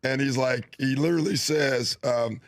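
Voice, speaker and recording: A former basketball player telling animated, chuckling stories in a casual sit-down interview. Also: male voice, mid-range voice, normal speed, gravelly, a loud crowd.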